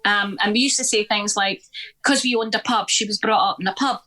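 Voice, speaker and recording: A middle-aged woman with a Scottish accent, a guest telling stories in an interview in a blunt, sweary, animated way, acting out the people she quotes. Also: medium pitch, a little fast. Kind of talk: candid conversational storytelling.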